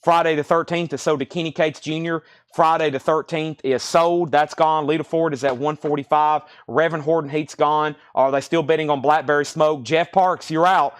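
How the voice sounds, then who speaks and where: A man hosting a live vinyl record sale, rattling off titles, prices and bids in quick auction patter, a little out of breath. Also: a little high, fairly even intonation, clear, resonant tone. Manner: rapid-fire listing of prices and bids.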